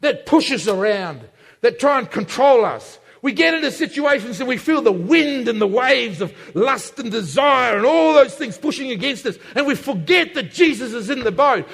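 A male preacher giving an emphatic sermon that swings between loud and hushed, heard in an echoey hall. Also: very high voice, lively intonation, normal speed, gravelly. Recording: echoey hall with long reverb.

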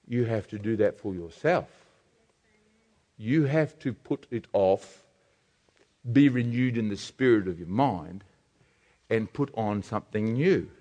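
A man preaching a sermon emphatically, slowing down to stress key phrases. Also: sits high, sharp tone. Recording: reverberant hall.

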